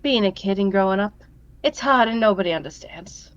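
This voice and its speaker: A woman's voice: medium pitch, expressive, fairly quick, voice pushed down, natural voice. An Australian woman reading aloud the lines of a brash, troubled teenage character, on a dull lo-fi mic. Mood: sulky.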